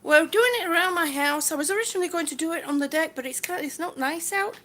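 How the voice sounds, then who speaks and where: Lady walking round her house on a live stream, real high bright voice, slow, kinda out of breath, calls everyone sweetie. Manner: warm, greets viewers by name, calls them sweetie. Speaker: vlogger on a livestream. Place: indoors at home. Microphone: phone on a gimbal held while walking.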